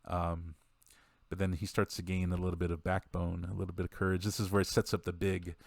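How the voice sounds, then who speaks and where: A man's voice: sits low, level tone, brisk, creaky, no room sound. A man on a podcast mic, casually recapping a movie in a rambling way, laughing and acting out the quotes. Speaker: podcast co-host.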